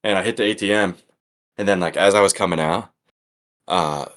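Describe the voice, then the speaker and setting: A man co-hosting a comedy podcast, telling stories in a loose, casual way and swearing freely. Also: fairly quick. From Philadelphia area. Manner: laid-back, swears freely, gets loud and high when excited. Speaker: podcast co-host.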